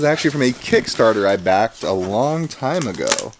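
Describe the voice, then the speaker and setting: A man's voice: medium pitch, animated, moderate pace, background noise. A man in his thirties hosting a casual unboxing vlog, chatty and rambling, with an enthusiastic manner. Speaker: comic collector and channel host.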